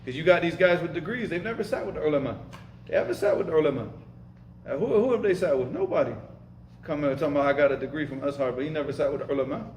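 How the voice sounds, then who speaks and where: The recording is low-quality and reverberant, with a little hiss or hum, capturing a man whose voice is a little high and darkish in tone. He teaches Arabic and Islamic studies in an informal lesson with live questions, speaking casually and emphatically, repeating himself and using Arabic terms.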